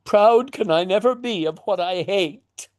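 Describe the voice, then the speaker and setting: A man's voice: high-pitched, measured pace, a little mellow, pitched above the performer's own voice. A man reading the part of a desperate young girl, urgent and pleading. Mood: defiant.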